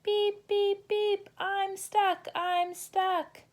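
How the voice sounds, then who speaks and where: A woman voicing a small, friendly male truck in a read-aloud storybook, squeaking high cries for help. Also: expressive, slow pace, fairly bright tone, full character voice. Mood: panicked.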